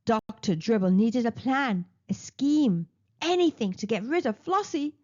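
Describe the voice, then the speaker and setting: Playful woman storyteller reading a picture book, high-pitched and slow, dull recording. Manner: expressive, playful. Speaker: children's storyteller. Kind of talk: picture book read-aloud.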